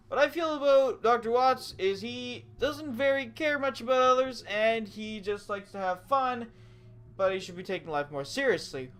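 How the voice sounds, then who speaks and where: A man's voice: high-pitched, a bit bright. A man giving casual, jokey commentary while playing a story game, with goofy asides. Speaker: let's play gamer.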